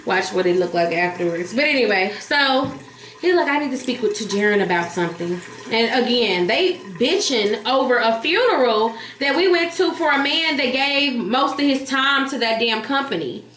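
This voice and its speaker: A woman vlogger telling a story in casual, animated chat, blunt and profane, talking straight to her viewers. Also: high voice, normal speed. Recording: echoey room with faint hiss.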